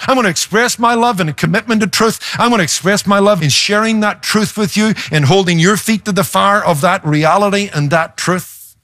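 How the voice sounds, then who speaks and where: A man's voice: sits high, brisk, a bit bright, dry recording. A man, a pastor, preaching a sermon with emphasis, shifting pace and playful asides.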